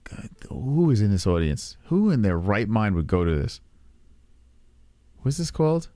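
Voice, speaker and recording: A man's voice: fairly low pitch, sing-song, normal speed, dark tone, no echo. A man in his thirties hosting a casual reaction stream, rambling with profane sarcasm. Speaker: podcast host.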